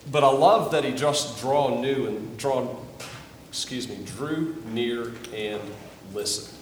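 A man's voice: mid-range voice, takes it slowly, slight background noise. A man preaching a sermon to his congregation, earnest and often repeating his first words as he starts a thought. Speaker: pastor. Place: church sanctuary. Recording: roomy hall, from a distance.

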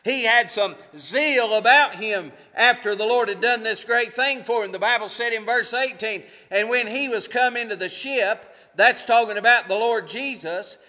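A man's voice: very high voice, moderate pace, few pauses, pushed and bright, long reverb tail. A man preaching a sermon as pastor, fervent and repeating his phrases for emphasis.

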